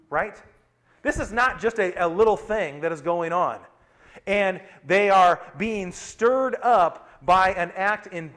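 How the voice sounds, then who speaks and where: A middle-aged pastor delivers a sermon in a conversational style, blending personal anecdotes with scripture. His volume rises and falls frequently, and his pitch sits fairly high.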